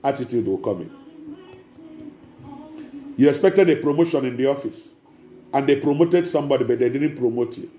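A man's voice: medium pitch, expressive, normal speed, pauses often, mellow, roomy sound, slight background noise. A man, preaching a sermon as pastor, emphatic and repetitive, speaking straight to the congregation.

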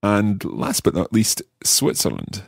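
Man, lesson host, deep voice, husky, animated intonation, careful repetition. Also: no echo, studio quality. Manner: slow, careful repetition of phrases. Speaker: host and learner. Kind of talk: language lesson podcast.

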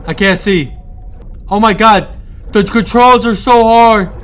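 A young man giving excitable let's-play commentary, swearing, laughing and talking back to the game as he plays. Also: high voice, takes it slowly, faint music behind. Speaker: gamer playing through a video game.

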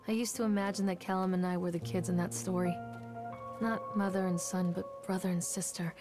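A woman's voice: mid-range voice, lightly acted. A woman voicing a mother's wistful, haunted inner monologue in a game. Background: eerie music.

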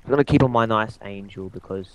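A man's voice: on the low side, fast talker, no echo. A man chatting casually while playing a game with friends, laid-back and playful, often in short replies.

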